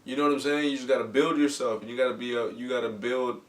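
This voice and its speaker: A man's voice: mid-range voice, steady tone, quick pace, roomy sound, distant mic. Laid-back man chatting on a podcast. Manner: laid-back, repeats himself, heavy slang. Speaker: podcast host. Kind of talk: casual chat.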